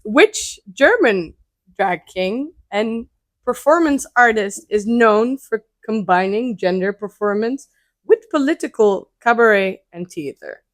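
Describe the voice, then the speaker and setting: A woman co-hosting a podcast, reading quiz questions slowly and deliberately between light laughs. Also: on the high side, lively intonation. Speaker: podcast co-host, quiz reader.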